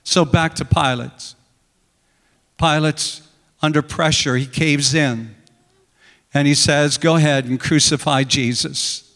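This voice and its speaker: A man's voice: fairly high pitch, fairly even intonation, slow, pauses often, fairly bright tone, in a large hall. A man preaching a sermon, retelling scripture with dramatic storytelling and acting out the quoted lines. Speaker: pastor.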